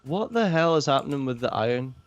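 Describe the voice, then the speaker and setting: A man's voice: mid-range voice, lively intonation, quick pace, slight background noise. A man chatting during a multiplayer game, sardonic and blunt, swearing freely. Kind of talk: casual multiplayer gaming chat.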